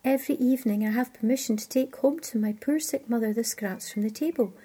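A woman voicing a poor, humble young kitchen girl who speaks gently and earnestly. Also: a little high, a little fast, breathy edge. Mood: gentle. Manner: gentle, earnest, soft-spoken.

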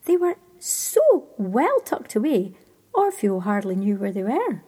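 A woman telling a story in a soft, hushed whisper. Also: medium pitch, wildly swooping pitch, a little slow, slightly rough.

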